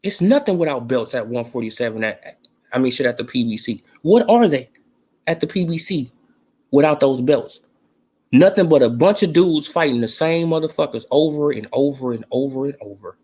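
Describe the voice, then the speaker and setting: His voice sits at a medium pitch, warm and slightly rough, expressive and at normal speed. Hosting a relaxed boxing talk show, he talks back to his chat with emphatic, slangy, curse-heavy, fired-up opinions on the sport.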